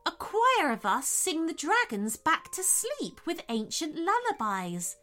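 A woman voicing a kindly, wise owl in a storybook reading, high and gentle. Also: wildly swooping pitch, unhurried, soft background music, full character voice.

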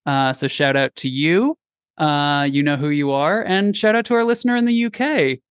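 A man's voice: on the high side, normal speed, smooth, dry recording, studio quality. A man hosting a casual sports podcast, rambling and self-deprecating with lots of restarts. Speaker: podcast host.

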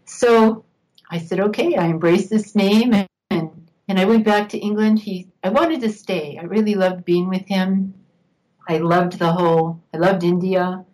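A woman's voice: mid-range voice, a little slow, rough recording. Older woman telling a personal story. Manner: warm reminiscing with laughs. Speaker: guest. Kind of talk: interview storytelling.

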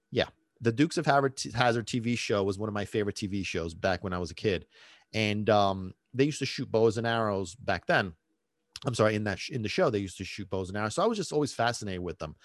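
A man's voice: mid-range voice, no echo, studio quality. A man, a dog trainer, casually telling a rambling personal story with many restarts and fillers.

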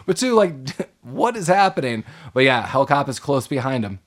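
A man co-hosting a casual movie podcast, recapping scenes with animated retellings, quoting characters and laughing often. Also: mid-range voice, moderate pace. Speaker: podcast co-host.

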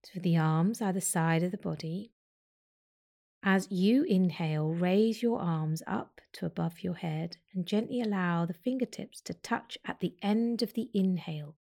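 A woman yoga teacher talking the listener through a slow breathing and movement practice, with gentle, unhurried instructions. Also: on the low side. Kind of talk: guided breathing meditation.

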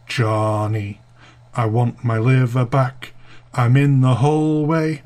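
A man voicing a vengeful corpse that calls out in a slow, sing-song chant. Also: medium pitch, steady tone, darkish tone, natural voice. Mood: eerie chant. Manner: slow, drawn-out calling.

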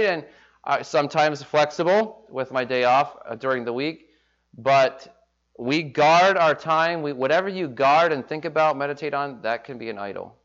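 A man's voice: fairly high pitch, normal speed, a bit bright. A man preaching a sermon as pastor, talking in a conversational way and acting out the voices of people he quotes. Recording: slightly dull lo-fi sound.

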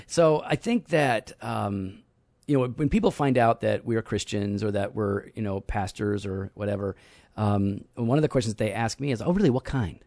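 A man's voice: fairly low pitch, normal speed, vocal fry, a little mellow, no room sound. A man who is a pastor, talking casually and making points with wry humor. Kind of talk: casual podcast chat.

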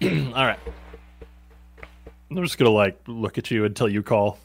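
A man playing his character in a tabletop role-playing game, playful and quick to laugh. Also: mid-range voice, lively intonation, creaky. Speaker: player.

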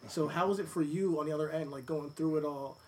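A man hosting a podcast asks rambling, friendly questions with plenty of fillers. His voice sits a bit higher than most men's. He sounds somewhat away from the mic, with faint noise behind him. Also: quick pace, a little mellow, far from the mic. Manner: loose, chatty questioning with fillers. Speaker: podcast host. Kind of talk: casual interview questions.

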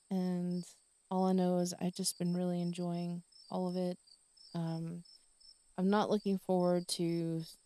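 Mellow low-voiced woman chatting casually. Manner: rambling and chatty, with fillers and soft laughs. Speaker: podcast host. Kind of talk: casual solo podcast chat.

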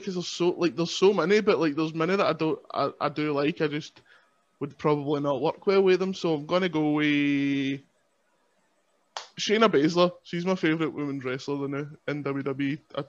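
Guy, chatty podcast guest, slightly high, lo-fi audio. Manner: rambling, joking, laughs often. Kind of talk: casual sweary chat. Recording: dull lo-fi sound.

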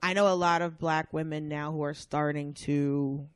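Animated woman telling stories, very dry sound. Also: low-pitched, moderate pace, smooth, no room sound. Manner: animated storyteller, acts out quotes loudly. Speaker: guest. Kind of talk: casual chat.

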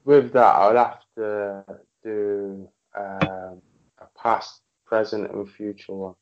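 English guy chatting easy, lowish voice, a bit muffled lo-fi sound, stops and restarts a lot. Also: slow pace, a little hiss or hum. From England. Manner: relaxed, laughs easily, hesitant restarts. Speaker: guest rapper. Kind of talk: casual chat.

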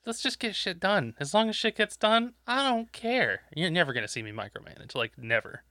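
A man's voice: high-pitched, very animated, brisk, sharp tone, no echo, clean studio sound. A man in casual, profane podcast chat, laid-back and laughing often. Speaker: podcast co-host.

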